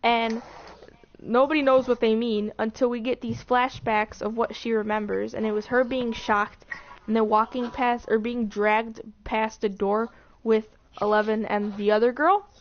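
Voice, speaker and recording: A woman's voice: a little high, flat delivery, normal speed. A young woman in casual chat, recapping a TV show in a rambling way with lots of "like" and restarts. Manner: rambling, full of "like" and restarts, breaks into acted quotes. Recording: dull lo-fi recording with faint noise.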